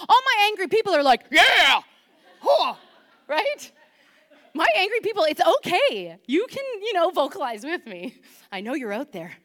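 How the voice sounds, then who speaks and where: A woman giving a sermon in church, chatty and lively, asking the congregation questions. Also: sits high. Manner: lively, conversational, asks the audience questions. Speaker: preacher.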